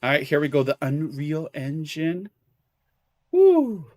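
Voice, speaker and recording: A man's voice: fairly high pitch, little pitch movement, moderate pace, dry recording, studio quality. A man live-streaming a video game, chatting casually with viewers, exclaiming at the graphics and apologizing for hiccups.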